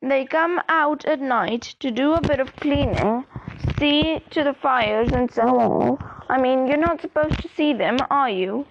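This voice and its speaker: A woman's voice: sits high, a little slow, noisy background. A woman reading the lines of a fussy, genteel male ghost in an audiobook, chatty and prim. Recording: dull lo-fi recording.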